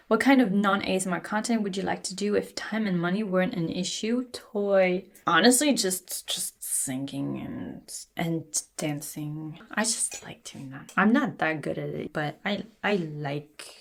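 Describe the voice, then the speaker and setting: A woman's voice: fairly low pitch, unhurried, vocal fry. A woman in her twenties chatting casually while answering viewer questions, laughing often. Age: 20s. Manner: chatty, laughs often, switches languages, sings snippets. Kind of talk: casual Q&A chat.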